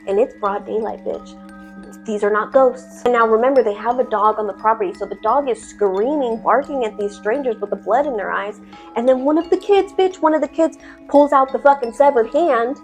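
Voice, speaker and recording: Woman, casual horror storytelling, profane, animated, fairly high voice, faint chime music. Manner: profane, animated, filler-heavy.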